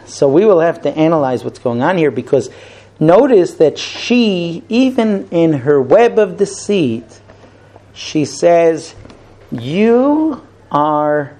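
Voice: mid-range voice, dark tone. A teacher leading a text study, reading lines aloud, translating, then explaining.

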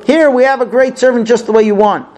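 A man playing eager male traders pitching a sale in a storybook retelling. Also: fast, a little mellow. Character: eager male slave traders, pushy sellers.

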